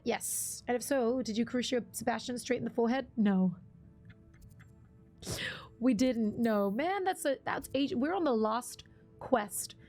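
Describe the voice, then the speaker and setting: A woman streams a game and chats with viewers in a loose, chatty way, dropping plenty of ums. Her voice sits fairly high with a gravelly fry, and game music plays faintly underneath. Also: darkish tone. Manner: chatty, greets chat, many ums. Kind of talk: casual live gameplay commentary.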